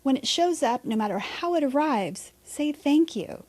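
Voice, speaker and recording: A woman's voice: sits high, animated, normal speed, a little mellow. A woman hosting a reflective solo podcast, talking candidly and conversationally with a bit of mild swearing. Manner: candid, conversational, mildly profane. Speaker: podcast host.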